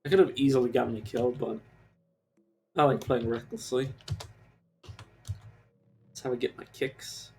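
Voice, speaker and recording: A man's voice: mid-range voice, a little slow, pauses often, darkish tone, soft background music. A man streaming a game live, rambling casually and mocking himself as he plays, swearing now and then. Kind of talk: casual gameplay commentary.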